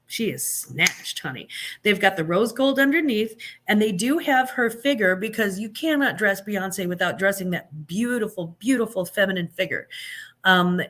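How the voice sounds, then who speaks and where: A woman's voice: medium pitch, lively intonation, moderate pace, a bit bright. A woman hosting a live stream, giving blunt, sarcastic opinions in casual chat, with many fillers and restarts.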